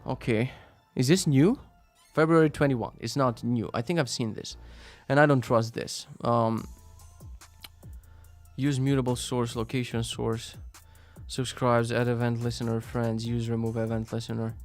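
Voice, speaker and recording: A man hosting a live stream, reading out viewer links and reacting in a casual, profane, sarcastic way, jumping between loud rants and muttered asides. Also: mid-range voice, fairly even intonation, a little slow, soft background music.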